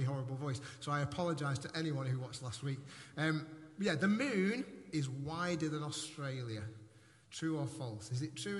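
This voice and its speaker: A man's voice: high voice, pushed and bright. A middle-aged pastor, preaching in a playful, jokey way to his congregation in a church hall. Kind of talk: sermon. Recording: echoey hall with faint noise.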